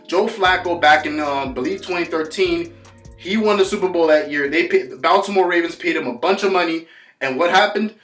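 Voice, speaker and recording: Dude with a high voice going off on a sweary sports rant, echoey room, faint music behind. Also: male voice. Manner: profane, insulting, swears constantly; rapid, forceful delivery with emphatic repetitions. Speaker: sports vlogger. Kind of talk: heated solo rant.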